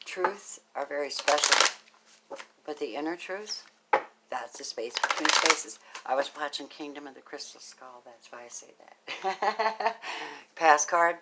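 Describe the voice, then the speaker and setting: Low-voiced woman giving a casual tarot reading. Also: unhurried, heavy background noise. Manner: chatty and affectionate, thinks aloud, drops into soft half-whispered asides. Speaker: tarot card reader.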